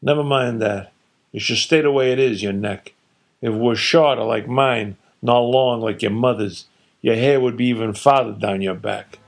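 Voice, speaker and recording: A man's voice: medium pitch, moderate pace, creaky, natural voice. A man voicing a blustering, combative older father who rants emphatically and scornfully, in a story he reads aloud. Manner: loud, emphatic, scornful ranting. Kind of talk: storytelling reading with character voices.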